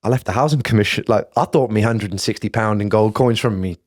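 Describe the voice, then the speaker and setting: A man's voice: lowish voice, fast, a little mellow, dry recording, clean studio sound. A man with a Worcester English accent, a guest entrepreneur talking casually and giving plain-spoken advice, often ending with tag questions. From Worcester, England. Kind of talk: casual podcast conversation.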